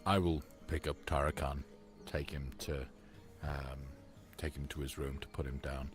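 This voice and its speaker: A man playing his character in a tabletop game, speaking in a slow, halting, earnest way. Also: extremely low pitch, little pitch movement. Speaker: player. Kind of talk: in-character role-play. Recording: stream with background music.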